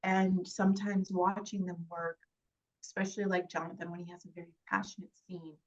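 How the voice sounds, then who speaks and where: Emotional actress with many restarts. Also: female voice, on the low side, little pitch movement, brisk, highs cut off. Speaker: actress guest. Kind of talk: casual interview chat.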